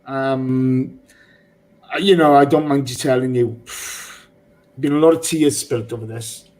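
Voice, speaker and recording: A man hosting a football podcast, speaking emotionally and haltingly with many pauses. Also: mid-range voice, fairly even intonation, darkish tone, low-quality recording. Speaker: podcast host. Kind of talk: casual football podcast chat.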